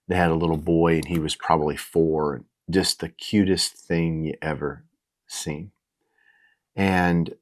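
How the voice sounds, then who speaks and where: A middle-aged man giving a casual, reflective faith talk, earnest and halting, with frequent restarts and fillers. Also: sits low, no room sound, clean studio sound. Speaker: Christian minister.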